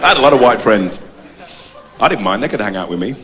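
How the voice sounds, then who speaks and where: Animated Black Country comic in a theatre. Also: male voice, on the low side, fast, very noisy. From Dudley, West Midlands. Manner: animated, swings into character voices. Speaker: stand-up comedian. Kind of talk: stand-up comedy. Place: large theatre stage with audience. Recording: live theatre, crowd laughter, hall reverb.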